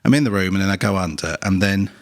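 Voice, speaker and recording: A man's voice: deep voice, fast talker. A British man co-hosting a podcast, telling a rambling anecdote in casual chat and acting out what people said. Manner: rambling, self-interrupting anecdote with acted-out quotes. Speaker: podcast co-host.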